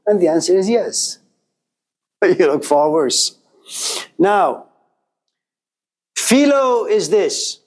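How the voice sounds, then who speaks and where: A man's voice: high voice, animated, slow, long pauses, darkish tone. Guy lecturing on philosophy, telling a story, chatty, says you know a lot. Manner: conversational, uses "you know" often.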